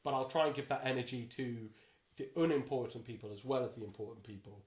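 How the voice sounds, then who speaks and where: Chatting casually as a guest on a podcast, a male dungeon master with a bassy voice stays animated and playful, often slipping into quick character impressions. The recording has a roomy sound.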